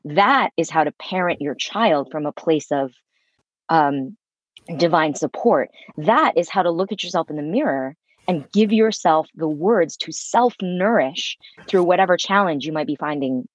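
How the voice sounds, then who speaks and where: A woman's voice: low voice, no echo, muffled recording. A woman voice coach speaking earnestly and reflectively in an interview, with a spiritual bent. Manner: earnest, spiritual, expressive, laughs fully. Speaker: voice coach, guest.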